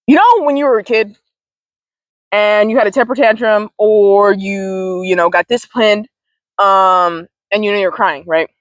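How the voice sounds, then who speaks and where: A woman's voice: mid-range voice, no room sound, low-quality recording. A woman hosting a wellness show, talking casually and rambling, repeating words, laughing often and swearing now and then. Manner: informal, slangy, occasional swearing. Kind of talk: casual talking-to-camera monologue.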